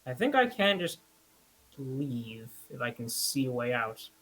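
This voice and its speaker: A man playing a tabletop game who thinks out loud, hesitating and pausing to gather his thoughts. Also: mid-range voice, big pitch swings, noisy background. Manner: hesitant, thinking aloud with pauses. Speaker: player.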